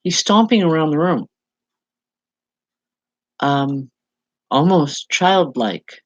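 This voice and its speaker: A woman medium giving a live spiritual reading to viewers, speaking in halting, repeated phrases with soft reassurance. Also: low-pitched, expressive, no echo, dull audio. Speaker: psychic medium.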